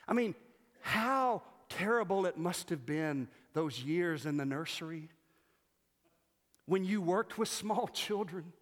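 Male pastor, high voice, lively humorous sermon delivery, church hall reverb. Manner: animated, humorous, mimics voices.

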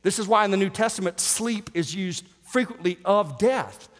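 A man's voice: high-pitched, lively intonation, normal speed. Preaching man in a reverberant hall. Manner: dynamic preaching, swinging from hushed asides to shouting; joking asides. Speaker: pastor. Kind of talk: sermon.

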